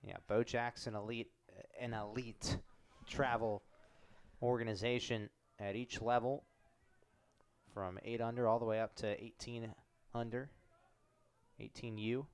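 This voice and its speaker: Male play-by-play announcer, clean resonant tone, short measured calls of each pitch. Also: little pitch movement, smooth. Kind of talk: live baseball play-by-play commentary.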